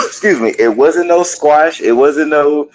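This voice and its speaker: A man hosting a gaming and wrestling podcast, casually recapping a show in a colloquial, chatty way and pausing now and then to cough. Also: fairly high pitch, poor audio.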